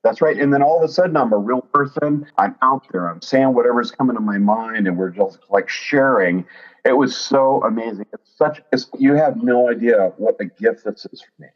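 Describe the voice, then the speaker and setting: A man in his fifties telling his own story in an interview, earnest and lively, often quoting what others said. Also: medium pitch, moderate pace, highs cut off. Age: 50s. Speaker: interview guest. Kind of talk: candid personal storytelling.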